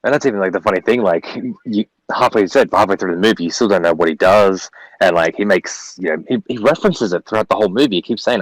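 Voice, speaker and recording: A man's voice: deep voice, dry recording, rough recording. A man as guest in a casual movie review chat, rambling and repeating himself as he retells scenes. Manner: fast, rambling, repeats words. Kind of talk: casual film discussion.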